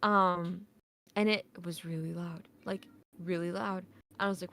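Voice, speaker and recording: A woman's voice: fairly low pitch, fairly even intonation, unhurried, creaky, a bit bright. A woman, a podcast guest, telling a casual story in a rambling way, full of "like" fillers and swearing.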